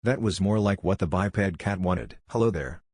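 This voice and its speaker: A man narrating a fan fiction story in a flat, even reading voice. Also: low voice, moderate pace, breathy edge, no echo.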